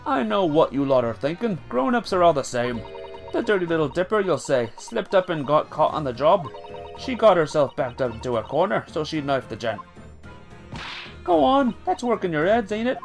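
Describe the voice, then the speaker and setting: A man's voice: fairly high pitch, sing-song, moderate pace, creaky, faint music behind, pitched above the performer's own voice. A man voicing a proud, cheeky girl pickpocket with a Cockney accent, reading game dialogue aloud. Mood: defiant. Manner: cheeky, streetwise slang, dropped endings.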